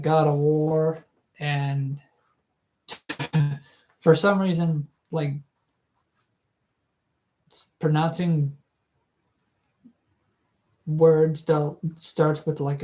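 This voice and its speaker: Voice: medium pitch, darkish tone, rough recording. A hobby book reader narrating casually, breaking off into giggly, rambling, self-correcting asides. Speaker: audiobook reader.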